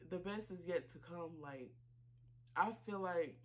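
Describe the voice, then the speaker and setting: Tearful woman vlogger, halting and emotional. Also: on the low side. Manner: emotional, halting, full of fillers and apologies. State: tearful, choked up. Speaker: YouTube reaction channel host. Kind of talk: casual reaction vlog talk.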